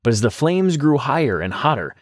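A man narrating a children's storybook in a lively, expressive scripted reading. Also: medium pitch, brisk, no room sound, clean studio sound.

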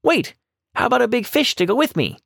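A man voicing a clever, quick-witted male rabbit trickster in a read-aloud storybook, with a cheeky, high, quick delivery. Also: big pitch swings, gravelly, a bit bright, dry recording, clean studio sound, full character voice. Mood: alarmed. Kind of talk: storybook narration.

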